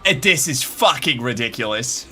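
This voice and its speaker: A man's voice: medium pitch, animated, normal speed, pushed and bright, soft background music. A young man from Massachusetts with a faint Boston accent, giving exasperated, profane let's-play commentary as he streams a game. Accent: slight Boston.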